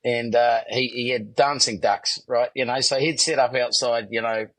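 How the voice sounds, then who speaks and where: A man's voice: medium pitch, steady tone, normal speed, fairly bright tone, poor audio. A middle-aged man, a podcast host telling cheeky stories with a laugh over a video call. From New Zealand. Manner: cheeky, laughing, rambling storyteller. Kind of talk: casual podcast chat.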